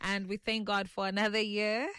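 A woman's voice: mid-range voice, level tone, normal speed, a bit bright, smooth, no room sound, studio quality. A woman co-hosting a faith-based morning radio show, playful and teasing in her banter. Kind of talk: casual radio chat.

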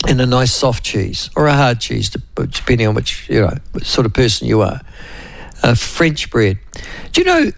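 A man's voice: mid-range voice, vocal fry, no room sound. A New Zealand man hosting a radio show in a casual, rambling style full of fillers and asides to his co-host. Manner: rambling, digressive, lots of fillers; addresses co-host and listeners by name.

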